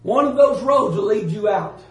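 Grave, mysterious dream-guide woman, voiced by a man, high yet lowered, echoey room from afar. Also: expressive, normal speed, darkish tone, distant mic. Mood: solemn. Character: mysterious female guiding voice in a dream, solemn.

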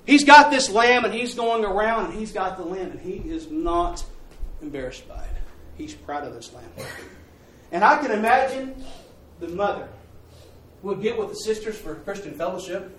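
High-voiced preacher in a roomy hall. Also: male voice, expressive, normal speed, a bit bright, a little hiss or hum. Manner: vivid storytelling with call-and-response. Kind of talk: sermon. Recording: roomy, from a distance.

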